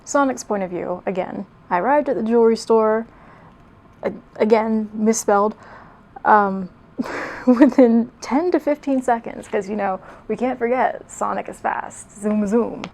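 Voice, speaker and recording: A woman's voice: on the high side, a little slow, vocal fry, darkish tone. A young woman reading her old fan fiction aloud, mocking it with sarcastic, self-deprecating asides and laughing at herself. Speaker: video creator.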